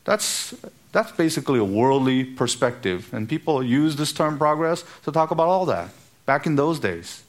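A man's voice: a little high, very animated, normal speed. A man preaching an expository sermon, walking through a Bible passage and acting out everyday speech in quoted asides. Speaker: pastor.

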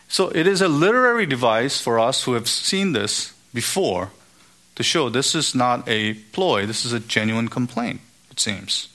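Man teaching Scripture, lively and questioning, voices the quoted characters, middle pitch. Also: measured pace. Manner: animated, asks rhetorical questions, acts out quoted characters. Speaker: Bible teacher. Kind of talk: expository Bible teaching.

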